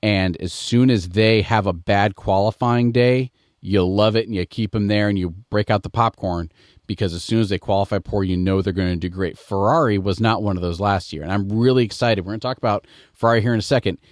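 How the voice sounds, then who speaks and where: A man's voice: on the low side, fairly quick, dry recording, studio quality. A middle-aged American man hosting a podcast in casual, rambling chat. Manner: rambling, digressive. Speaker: podcast host.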